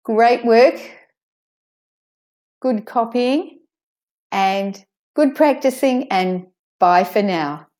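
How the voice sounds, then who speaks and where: A woman teaches English pronunciation at a very unhurried pace. Her voice is mellow and warm. She models each word carefully so learners can copy it. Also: a little high, expressive. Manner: slow, careful modeling of words for repetition. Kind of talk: pronunciation lesson.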